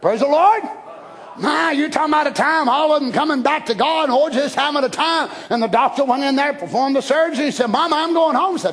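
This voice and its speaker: A man preaching a sermon in a folksy, animated way, breaking into shouted passages. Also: extremely high pitch, fast talker. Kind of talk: Pentecostal-style sermon.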